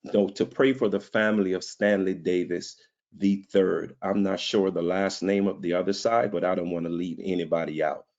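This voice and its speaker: Man public commenter; very deep, dark tone, earnest plea, lo-fi mic. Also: fairly even intonation, normal speed. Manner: earnest, pleading, asks for prayer. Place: council chamber. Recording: dull lo-fi meeting audio.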